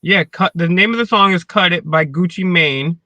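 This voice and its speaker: Man, blunt, swears a lot, bright tense voice, high, dry sound. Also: moderate pace, no echo, dull audio. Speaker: panelist. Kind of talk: casual chat on a live stream.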